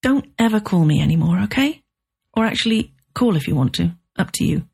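A woman voicing a hostile, worn-out male novelist with a hoarse voice. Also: medium pitch, expressive, a little fast, darkish tone. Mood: surly. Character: hostile, weary male novelist, a heavy smoker.

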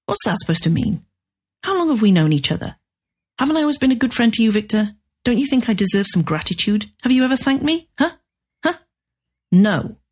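A woman voicing a pushy male literary agent who sounds shrill, pleading and wound up. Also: big pitch swings, a little slow, long pauses, darkish tone, breathy edge, heavily acted. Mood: agitated.

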